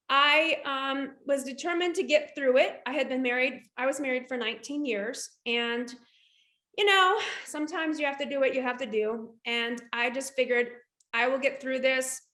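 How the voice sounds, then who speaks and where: Animated high-voiced American woman. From United States. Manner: animated, acts out quoted dialogue. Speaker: guest entrepreneur. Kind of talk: casual storytelling. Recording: echoey room.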